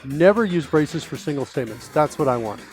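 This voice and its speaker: A man's voice: fairly high pitch, lively intonation, fairly quick, a little mellow, soft background music. A middle-aged man hosting a live coding stream, talking casually and rambling with many fillers. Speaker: host.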